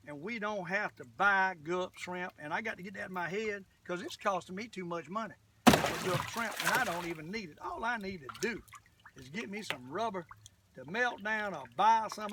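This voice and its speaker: A man's voice: high-pitched, sharp tone. Folksy older man rambling outdoors. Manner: folksy, rambling, talks of himself as "the old fisherman". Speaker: fishing vlogger. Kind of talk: casual chat while fishing. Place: on a boat outdoors. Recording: distant camera mic, faint background noise.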